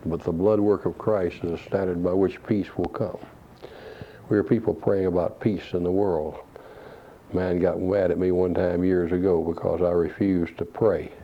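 A man's voice: low-pitched, flat delivery, moderate pace. A man preaching a sermon, asking rhetorical questions and quoting scripture. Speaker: pastor. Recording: dull lo-fi recording.

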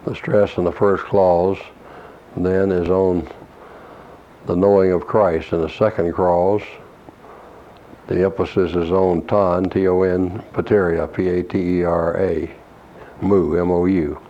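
A man preaching an expository Bible lesson, reading verses slowly and explaining Greek words in a measured way. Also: low voice, level tone. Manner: slow, measured reading of scripture with Greek word study. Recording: dull lo-fi recording with faint hiss.

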